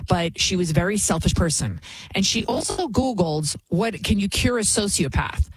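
A woman's voice: on the low side, animated, fairly quick, slightly rough. A woman hosting her own commentary show, speaking with indignant emphasis and repeating phrases for effect. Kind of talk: opinionated commentary.

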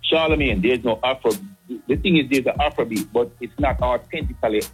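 A man's voice: medium pitch, fairly quick, faint music behind. A man with a Jamaican accent calls in to a radio show and passionately argues his point. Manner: patois-tinged, passionate, preachy. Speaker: caller. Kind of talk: heated call-in opinion.

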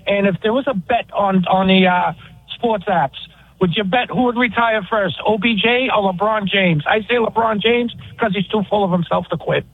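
A caller on a sports radio show, a man with a high, raspy voice, quick and opinionated. He comes through a thin, dry phone line. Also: no room sound. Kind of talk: call-in sports talk.

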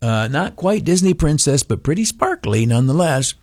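A man's voice: a little high, sing-song, normal speed, a little mellow, no room sound, clean studio sound. An older man giving an informal devotional talk in a folksy, rambling way with many fillers.

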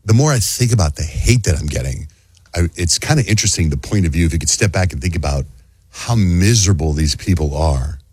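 A man's voice: low-pitched, expressive, a little fast, a little mellow, breathy edge, no echo, studio quality. A man hosting a radio show, chatting casually and joking with co-hosts and callers.

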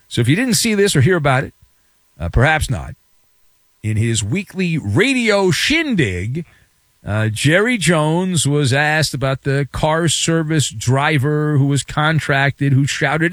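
A man hosting a sports talk radio show, riffing through a theatrical, jokey monologue. His voice is on the high side and jumps around wildly in pitch. The studio mic sounds close and dry. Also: sing-song, unhurried, fairly bright tone, no room sound.

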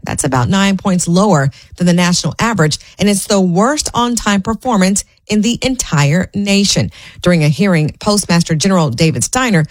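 A woman's voice: mid-range voice, dry recording. Woman reading the news, dry studio sound. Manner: steady, measured delivery. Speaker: news anchor. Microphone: studio microphone.

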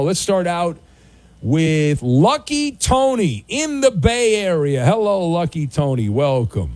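A man hosting a call-in radio show, joking around in casual banter and jumping up in pitch when flustered. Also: no room sound. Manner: animated, jokey, voice jumps high when flustered. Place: radio studio.

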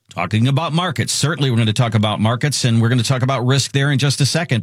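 A male radio host leads a finance talk show in a lively, bouncing voice. He sounds upbeat and salesy, and the recording is dry and close. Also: mid-range voice, no echo. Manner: upbeat, salesy, repeats key phrases.

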